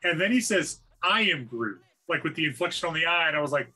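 A man's voice: fairly high pitch, racing, bright, forceful tone, soft background music, poor audio. A man hosting a casual podcast chat, enthusiastic and handing turns to his guests. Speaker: podcast host.

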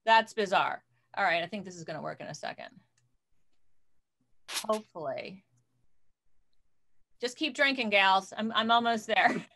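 Bright chatty woman quilter. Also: medium pitch, unhurried, vocal fry, pauses often. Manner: chatty, scattered while fumbling with screen sharing. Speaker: guest quilter. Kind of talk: casual video-call chat. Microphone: video call.

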